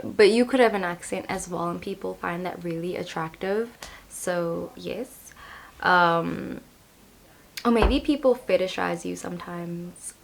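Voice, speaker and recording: A woman's voice: lowish voice, measured pace, gravelly. A young woman giving a casual, playful tarot reading to the camera, chatting and laughing at herself as she goes. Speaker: tarot reader.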